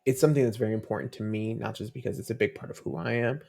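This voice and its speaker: Brief: a dad guesting on a fan chat show, rambling and warm-hearted, with gravelly vocal fry. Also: male voice, on the low side, steady tone, very fast. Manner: rambling storytelling with many fillers and restarts. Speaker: podcast guest. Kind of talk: casual interview chat.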